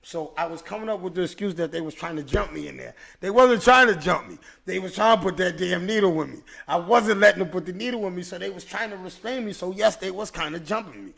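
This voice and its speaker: A man hosting a podcast, telling a story in a casual, animated, profane way, with frequent restarts and repeated words. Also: sits high, quick pace, gravelly, hardly any pauses. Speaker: podcast host.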